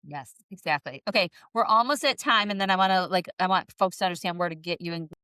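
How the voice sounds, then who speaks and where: A woman in her forties hosting a podcast interview, effusive and quick to laugh. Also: on the low side, clear, resonant tone, no room sound. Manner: warm-hearted, effusive, laughs easily. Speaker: podcast host.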